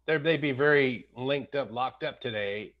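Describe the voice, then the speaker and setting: A man in his fifties hosting a casual podcast chat, animated, slipping into jokey accent impressions. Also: medium pitch, moderate pace, muffled recording. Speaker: podcast host.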